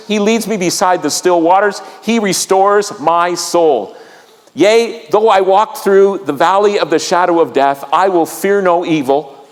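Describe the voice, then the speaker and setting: A male pastor preaching a sermon with vivid storytelling, drawing the congregation into the reading. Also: on the high side. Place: church sanctuary. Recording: long reverb of a church sanctuary.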